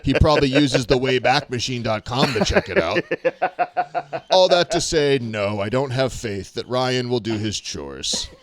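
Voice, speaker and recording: A man's voice: medium pitch, unhurried, natural voice. A man voicing an ancient wooden tiki idol, a wisecracking sage who rambles through playful comic riffs. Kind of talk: ventriloquist puppet banter.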